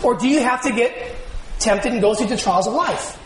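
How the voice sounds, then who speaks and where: A man preaching with a high voice, throwing questions out to the congregation and answering them himself. The sound is roomy and echoey, as if caught in a church hall. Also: lively intonation, normal speed. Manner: call-and-response preaching, asks the congregation questions. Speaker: pastor. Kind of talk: sermon.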